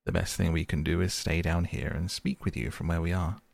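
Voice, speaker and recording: A man voicing a concerned, steady middle-aged lawyer in an audiobook, speaking in an earnest, measured way. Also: sits low, vocal fry, no echo, clean studio sound, heavily acted.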